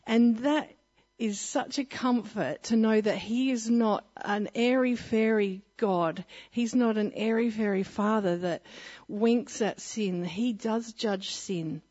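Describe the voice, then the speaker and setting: A woman with a husky, breathy voice shares a personal testimony before turning to Bible teaching. She talks in a chatty, storytelling way, full of laughs and fillers. The recording sounds dull and lo-fi. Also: fairly high pitch, slow pace, darkish tone.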